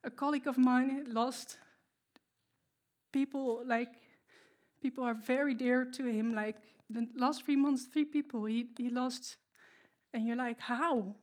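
Woman preacher, non-native English, earnest and emotional, slightly high voice, halting restarts. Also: fairly even intonation, darkish tone. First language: not English. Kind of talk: sermon. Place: stage before an audience.

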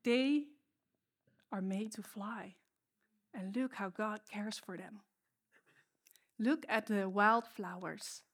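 A woman whose first language is not English, preaching a sermon from a stage in an earnest, emotional way, with pauses and restarts. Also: medium pitch, fairly bright tone. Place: stage before an audience.

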